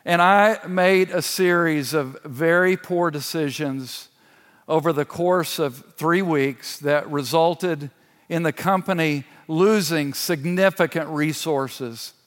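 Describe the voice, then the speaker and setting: A church elder in his sixties shares a personal testimony from the pulpit, earnest and unhurried. His voice sits a bit high for a man and moves at a slow, deliberate pace. The sound carries a long reverb from a large auditorium. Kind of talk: sermon.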